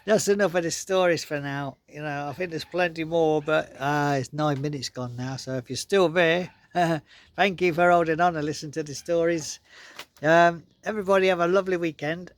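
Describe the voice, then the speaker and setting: A man's voice: a little high, steady tone, moderate pace. Chuckling man telling rambling stories. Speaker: vlogger. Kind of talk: casual storytelling.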